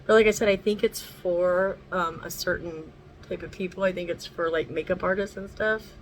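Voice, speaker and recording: A woman's voice: fairly low pitch, fairly even intonation, normal speed, a little hiss or hum, low-quality recording. A woman chatting casually through a makeup tutorial at home, rambling and swearing now and then. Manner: talks sweetly to her dog. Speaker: makeup vlogger.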